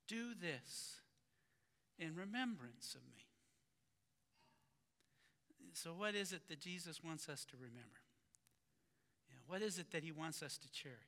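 A man preaching a conversational sermon as a pastor, halting and restarting his phrases. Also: extremely high pitch, bright, forceful tone, big-room sound.

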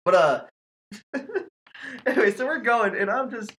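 A man's voice: very high voice, expressive, unhurried, a bit bright, poor audio. A man hosting a podcast, telling a scary story in casual, profane chat and laughing often. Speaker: podcast host.

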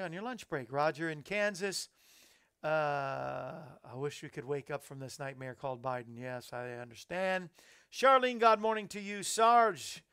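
A man's voice: a little high, a bit bright, clear, resonant tone. A man hosting a casual live-streamed Christian talk show, upbeat and folksy as he greets viewers by name. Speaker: host.

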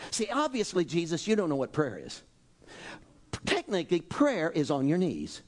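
A male pastor preaches a sermon in a slightly high voice at a moderate pace. He is animated and exclaiming, swinging between loud outbursts and soft asides.

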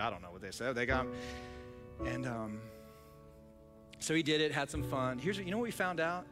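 A male pastor telling a story in a sermon, excited, with many restarts. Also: mid-range voice, fairly quick, pauses often, in a large hall, over music.

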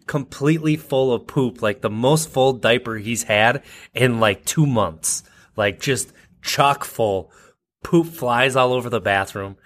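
A man in his thirties co-hosting a podcast, telling a family story in casual chat and jumping up high to quote his kids. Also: a bit bright. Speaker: podcast co-host.

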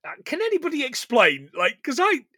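A man's voice: extremely high pitch, wildly swooping pitch, fairly quick, sharp tone, dry recording. A man recapping a film with a co-host in casual, sweary chat, laughing often as he tells the story. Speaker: podcast co-host.

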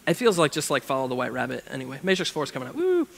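A man's voice: medium pitch, wildly swooping pitch, racing, vocal fry, fairly bright tone. A young man preaching a casual sermon, reading scripture aloud and breaking off into chatty, joking asides. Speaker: pastor.

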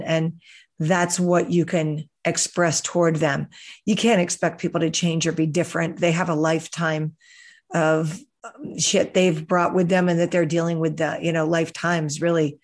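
Calm, earnest woman with a lowish voice. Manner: calm, earnest, gently coaching, slows for guided breathing. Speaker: podcast host. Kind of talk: reflective podcast monologue. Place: outdoors, hears birds and breeze.

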